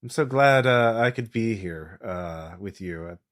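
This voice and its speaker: A man voicing a serene masked woman at a masquerade, speaking in a dreamy, fond and softly wistful way. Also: fairly low pitch, lively intonation, moderate pace.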